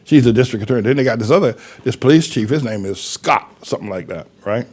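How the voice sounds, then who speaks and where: A man's voice: mid-range voice, fast, darkish tone, slightly rough. A man, a pastor, rambling through a folksy commentary monologue with chuckling asides.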